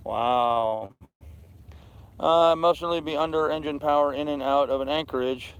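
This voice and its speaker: A man's voice: fairly high pitch, steady tone, measured pace, clean tone. A tired man in his fifties chatting casually on a live stream from his anchored sailboat, rambling easily and answering viewers' comments. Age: 50s. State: tired, yawning. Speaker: sailing vlogger reading live chat.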